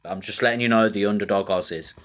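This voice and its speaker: A man with a fairly low voice talks through fight predictions and odds. He is blunt and coarse, and he rambles in a loose, casual flow. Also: fast talker. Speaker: MMA betting tipster host.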